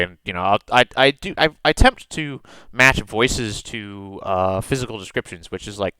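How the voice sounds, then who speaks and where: An American man co-hosting a casual tabletop gaming podcast, talking in halting bursts with frequent restarts and laughs. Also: fairly low pitch, pushed and bright, clean tone, no echo, rough recording. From United States. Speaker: podcast co-host, game master.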